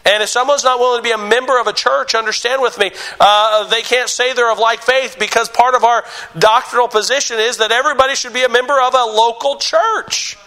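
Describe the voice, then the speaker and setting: A male pastor delivers a sermon in a high, bright voice. He presses his points hard, repeating calls to listen and to understand. His phrasing stops and restarts as he works through each point. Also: steady tone, brisk, poor audio.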